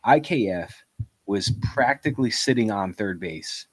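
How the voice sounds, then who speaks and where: Male co-host, low voice, relaxed matter-of-fact breakdowns, dry close mic. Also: unhurried, no echo. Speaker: podcast co-host. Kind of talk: casual sports podcast chat.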